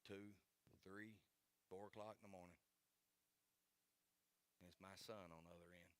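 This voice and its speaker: A man's voice: deep voice, fairly even intonation, moderate pace, a bit bright. A man, preaching a sermon in an earnest, folksy way and repeating key phrases for emphasis. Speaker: pastor.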